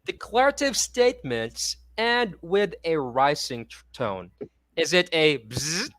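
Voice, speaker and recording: A woman's voice: low voice, sing-song, takes it slowly, fairly bright tone, no echo, clean studio sound. A woman with a Filipino English accent co-hosting a playful online reading lesson as a tutor, cheerful and giggly as she reads quiz items.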